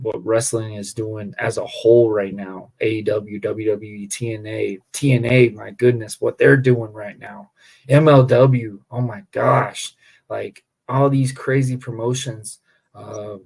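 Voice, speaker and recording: A man's voice: on the low side, vocal fry, darkish tone. A man, a pro wrestler guesting on a podcast, chatting casually and enthusiastically, rambling and often saying "man.".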